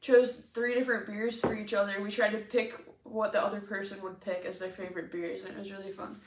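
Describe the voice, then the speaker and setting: A woman's voice: medium pitch, flat delivery, brisk, noisy background. A woman co-hosting a homebrewing show, chatting casually and laughing often, with lots of fillers. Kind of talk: casual chat while tasting beer. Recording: echoey room.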